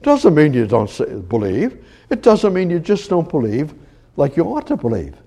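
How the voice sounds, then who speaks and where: A man preaching a Bible sermon, shifting between loud urging and hushed asides, with frequent restarts and repeated words, reading scripture aloud. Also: moderate pace, gravelly, breathy edge. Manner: animated, swings between loud exhortation and hushed low asides; reads King James scripture aloud.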